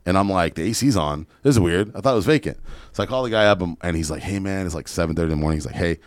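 A man telling a story in a casual podcast chat, animated and swearing freely. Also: deep voice, no room sound, clean studio sound. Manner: fast, profane, animated storyteller. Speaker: podcast guest, real estate investor.

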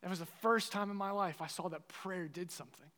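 Animated man preaching in a reverberant hall. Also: high voice, fairly quick. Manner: animated, acts out dialogue in the story. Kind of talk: sermon with personal storytelling. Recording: long reverb of a large hall.

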